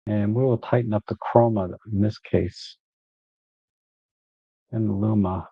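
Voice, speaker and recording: A man hosting a live photo editing walkthrough, relaxed and thinking aloud as he works. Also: lowish voice, a little slow, creaky, husky, no room sound, lo-fi sound.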